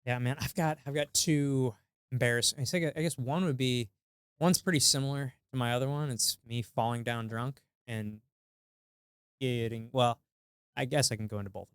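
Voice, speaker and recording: Man with a smooth voice chatting. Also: medium pitch, steady tone, moderate pace, dry recording. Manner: hesitant, restarting sentences. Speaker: podcast co-host. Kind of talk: casual chat.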